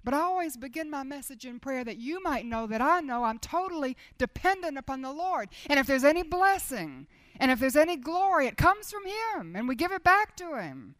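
Woman, sermon, high voice, dry close sound, hushed asides, loud proclaiming. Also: sing-song, brisk, hardly any pauses, no echo. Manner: swings from soft, intimate asides to loud, declaiming proclamation. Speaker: preacher.

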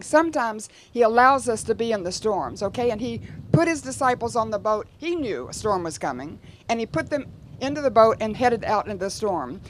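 A woman's voice: a little high, a little hiss or hum. A woman preaching a sermon in a conversational way, with frequent rhetorical asides to her listeners.

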